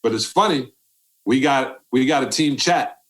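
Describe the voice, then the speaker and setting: A man in his fifties, a podcast guest telling stories from his career and acting out the voices of people he quotes. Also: normal speed. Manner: animated storyteller who acts out quoted voices with big pitch jumps. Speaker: podcast guest, former basketball player. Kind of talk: storytelling interview.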